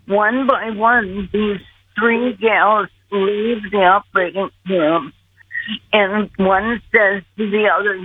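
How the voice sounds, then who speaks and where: Older woman, slow, over a phone line. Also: mid-range voice, a little hiss or hum. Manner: earnest, acts out her own pleas. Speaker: guest recounting near-death experience. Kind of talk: slow storytelling.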